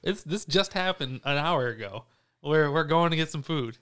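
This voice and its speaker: A man's voice: on the high side, expressive, moderate pace, a bit bright, smooth. A man hosting a casual podcast chat, talking in a snarky, profane, rambling way with frequent restarts. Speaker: podcast host.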